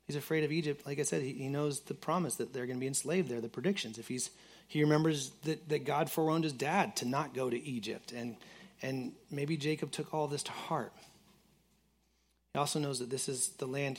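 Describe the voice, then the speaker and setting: A man preaching a conversational sermon, earnest and searching for words, often repeating himself and saying "like". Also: mid-range voice. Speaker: pastor.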